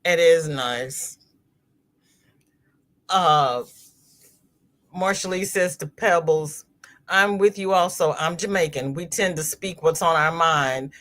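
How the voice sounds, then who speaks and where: A woman hosting a crochet livestream, chatting casually and reading viewers' comments aloud, expressive and often laughing. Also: low voice, slow pace, long pauses.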